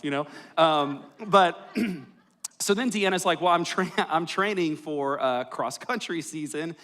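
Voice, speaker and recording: A man's voice: fairly high pitch, a little slow, fairly bright tone. A young man, preaching a sermon full of self-deprecating jokes and personal stories. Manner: joking, self-deprecating storyteller. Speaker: pastor. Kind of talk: sermon with storytelling. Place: church worship hall.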